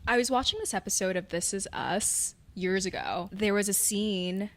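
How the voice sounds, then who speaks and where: A woman's voice: medium pitch, moderate pace. A young woman co-hosting a podcast, talking candidly and reflectively in casual chat, laughing easily. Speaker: podcast co-host.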